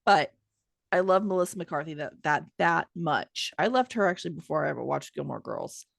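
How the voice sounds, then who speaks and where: An excitable woman in her thirties co-hosting a casual podcast chat. Her pitch swings widely as she talks, with plenty of fillers. The recording is dry and close. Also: normal speed, creaky, no room sound. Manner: animated, excitable, many fillers. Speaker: podcast co-host.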